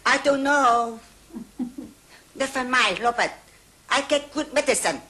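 A woman's voice: high voice, unhurried, pushed and bright, slight background noise. An actress playing a bossy, superstitious Chinese mother-in-law with a Hong Kong Cantonese accent, speaking clipped broken English. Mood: bossy teasing. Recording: sitcom studio with audience laughter.

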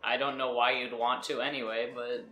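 Dry, deadpan comic straight man. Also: mid-range voice, moderate pace, reverberant, poor audio. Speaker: co-host. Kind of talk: comedy sketch banter.

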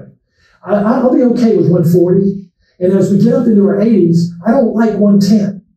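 An older man gives a relaxed, folksy talk as a memory doctor. His voice is mellow and sits a little high, and it keeps turning to the crowd with asides. He is recorded from a distance in a very echoey room. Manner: folksy storytelling, addresses the audience directly. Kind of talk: conversational public talk to seniors.

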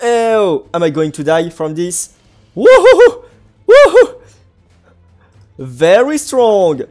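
A gaming host, commentating Minecraft gameplay in an excitable way, exclaiming and laughing often. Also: medium pitch, slow pace, soft background music.

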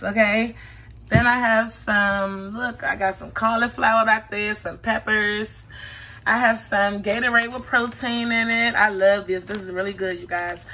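A young woman talking excitedly in a casual vlog from her home kitchen, chatty and constantly addressing viewers as "y'all". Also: mid-range voice, slight background noise. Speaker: vlogger.

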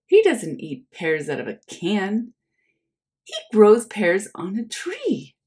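A woman's voice: medium pitch, huge pitch swings, slow, darkish tone. A woman doing a stubborn little storybook boy. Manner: firm, insistent.

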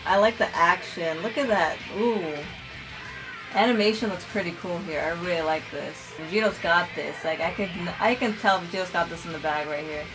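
A young woman hosting a casual reaction video, talking excitedly, swearing freely and saying "like" a lot. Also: lowish voice, moderate pace, over music, poor audio. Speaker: reaction channel host. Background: anime episode audio playing.

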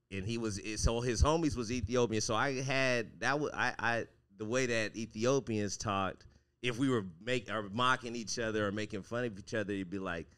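A man who is a comedian, co-hosting a casual podcast chat and telling laid-back stories that drop into low murmurs. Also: a bit bright, clean tone.

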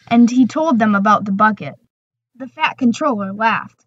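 A woman narrating a children's railway story in a gentle, measured reading voice. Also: fairly high pitch, breathy edge, muffled recording. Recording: music bed behind the voice. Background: background music.

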